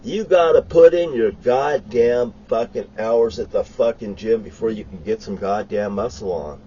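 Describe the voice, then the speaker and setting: A man's voice: on the low side, moderate pace, warm tone, lo-fi sound, a little hiss or hum. A man ranting in a heated, rambling monologue, swearing constantly. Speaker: vlogger.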